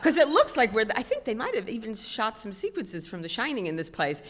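A middle-aged woman telling a self-mocking story on stage, chatty and animated. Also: on the high side, brisk. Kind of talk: stand-up storytelling. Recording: long hall reverb.

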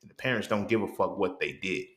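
A man talks through a casual podcast monologue. He swears freely, turns animated, and keeps asking if you feel him. The room around him is echoey. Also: deep voice, fast. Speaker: podcast host.

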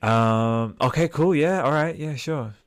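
A fairly high-pitched man speaks at a measured pace while hosting a podcast livestream. Tired and foul-mouthed, he chats his way through viewer comments; the dry recording comes from a desktop mic with headphones.

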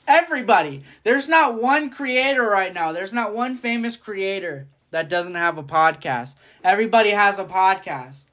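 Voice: medium pitch, a bit bright. A podcast host delivering a casual solo rant, profane and rambling, jumping between thoughts.

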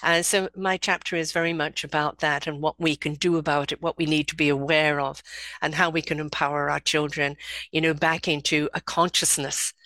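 A woman's voice: low voice, little pitch movement, moderate pace, pushed and bright, no room sound. An older woman hosting an author panel, speaking in a reflective, heartfelt way. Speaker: host and book contributor. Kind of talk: casual online panel talk.

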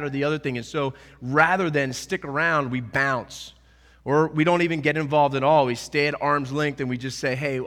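A man preaches with a bright, forceful voice set slightly high for a man. He talks with earnest energy and acts out quoted lines. His voice rings out with a long reverb tail, as in a large church. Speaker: pastor. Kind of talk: sermon.

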